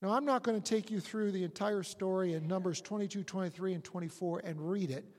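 Husky, lively preacher in an echoey hall. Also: medium pitch, a little fast. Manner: storytelling, animated retelling with acted-out quotes. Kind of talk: sermon.

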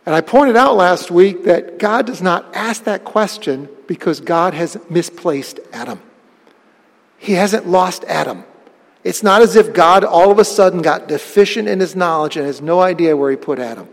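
A man preaching a sermon, telling the story with lively bursts of emphasis. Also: high-pitched, moderate pace, big-room sound. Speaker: pastor.

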